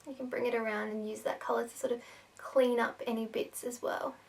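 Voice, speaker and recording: Chatty woman with a gravelly voice. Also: a little high, level tone, fairly quick, distant mic. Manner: chatty, lots of "sort of" fillers. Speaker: makeup tutorial host. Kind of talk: casual makeup tutorial.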